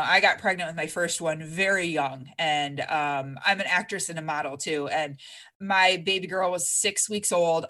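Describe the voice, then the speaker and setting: A woman's voice: lowish voice, bright, forceful tone. A woman in her thirties from Michigan, a fitness coach telling her own story as a podcast guest in an earnest, emphatic way. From Michigan, USA. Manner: earnest, emphatic, speeds up and slows down. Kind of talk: candid podcast interview storytelling.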